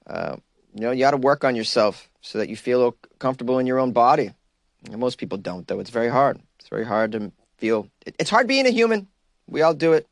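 A man's voice: medium pitch, no room sound. Guy doing a jokey podcast rant, laughs a lot, dry close mic. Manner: joking, laughs often, mocks quotes in silly voices. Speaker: podcast host. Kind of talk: casual comedic commentary.

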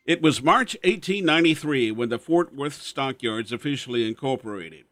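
A man's voice: mid-range voice, expressive, normal speed, a bit bright, no room sound, faint music behind. A man hosting a radio show, telling stories in a folksy, chuckling way. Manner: chuckling storyteller. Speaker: host.

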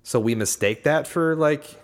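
A man's voice: fairly high pitch, unhurried, long reverb tail. A man in casual chat, talking in a rambling way with many fillers and restarts.

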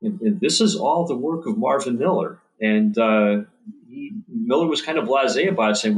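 A man's voice: mid-range voice, moderate pace, creaky, rough recording. A man who writes books on baseball, answering interview questions in an earnest, thorough way. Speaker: baseball author guest.

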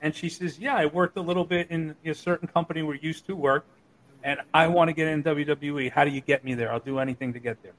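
A man's voice: a little high, fast, a little hiss or hum, low-quality recording. A middle-aged man telling crude stories in casual chat, acting out the voices of the people in them. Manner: animated, acts out voices in his stories. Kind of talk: profane storytelling chat.

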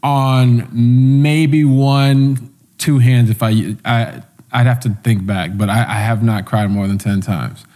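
A man hosting a podcast interview in a relaxed, halting way, often restarting his sentences. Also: mid-range voice. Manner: laid-back, halting, many restarts. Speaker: podcast host. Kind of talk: casual interview chat.

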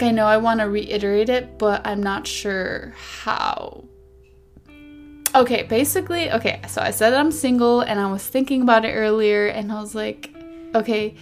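A young woman hosting her own podcast in a chatty, rambling, animated way, seated indoors at a podcast mic. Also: a little high. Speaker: podcast host. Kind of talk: casual solo podcast talk.

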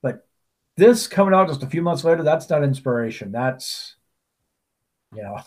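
A man's voice: a little high, expressive, moderate pace, darkish tone. A man co-hosting a podcast, talking casually and telling stories with plenty of asides and restarts. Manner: chatty storyteller, many restarts and asides. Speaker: podcast co-host. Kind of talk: casual chat.

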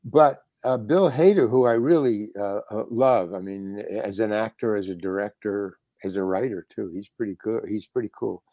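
An older actor telling a story as an interview guest in a halting, rambling way, full of restarts. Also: male voice, on the low side, dark tone, dry recording. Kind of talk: casual storytelling.

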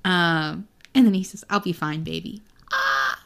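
A woman's voice: on the low side, lively intonation, a little slow, pushed and bright. A young woman co-hosting a book podcast, chatting casually, swearing freely and reading passages aloud. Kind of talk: casual chat.

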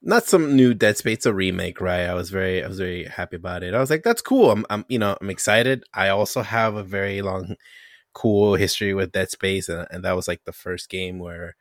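A man's voice: low-pitched, a little fast, dry recording, studio quality. A man co-hosting a gaming podcast, sharing his opinion in casual, upbeat chat. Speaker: podcast co-host.

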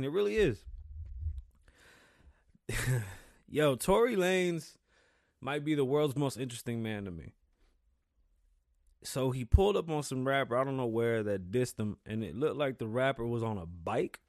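A man hosting his own podcast, talking loosely and excitably, swearing often and stumbling over words. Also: mid-range voice, moderate pace, pauses often, dry recording, clean studio sound. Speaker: podcast host. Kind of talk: casual solo podcast talk.

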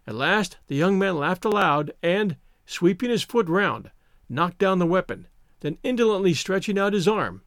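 A man narrating a historical story as a scripted audiobook, measured and expressive. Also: sits high, no echo, clean studio sound.

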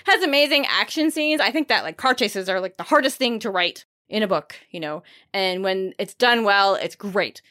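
A woman's voice: mid-range voice, lively intonation, moderate pace, hardly any pauses, pushed and bright. A woman co-hosting a casual book podcast, enthusiastic and gushing about books. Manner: enthusiastic, gushing, many fillers. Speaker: podcast co-host.

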